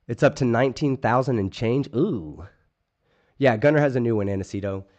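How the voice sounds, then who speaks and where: A man's voice: mid-range voice, a little fast, a little mellow, lo-fi sound. A man hosting a late-night livestream, chatting casually and ranting with lots of profanity. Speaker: streamer host.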